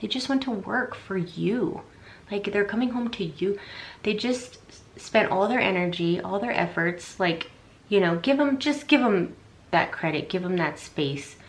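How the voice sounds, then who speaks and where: A woman's voice: mid-range voice, lively intonation, a little slow. A young adult woman giving casual relationship advice on a vlog, rambling and chatty with lots of fillers and restarts. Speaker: relationship vlogger.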